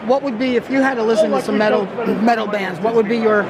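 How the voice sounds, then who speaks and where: A man's voice: high-pitched, steady tone, fast. A man hosting a casual convention interview in an upbeat, chatty way. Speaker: interviewer host. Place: busy convention hall. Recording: loud crowd and hall noise.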